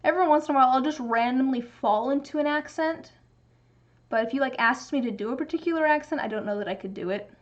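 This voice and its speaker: A woman's voice: on the high side, muffled recording. Chatty Pacific Northwest woman streamer. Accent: Pacific Northwest American. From Pacific Northwest, USA. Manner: chatty, rambling, many restarts. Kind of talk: casual chat while crafting.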